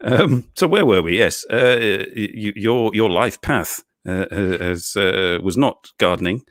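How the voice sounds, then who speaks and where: Low-voiced host asking halting, playful questions. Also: male voice, lively intonation, a bit bright, dry recording, clean studio sound. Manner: chuckling, hesitant, playful questioner. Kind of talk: casual interview over video call.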